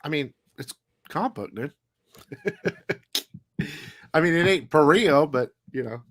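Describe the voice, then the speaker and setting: A man's voice: fairly high pitch, animated, a little slow, no echo. A man hosting a comic haul live stream, chatting casually in a rambling, profane way. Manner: rambling, profane, loose storytelling. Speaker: comic haul show host.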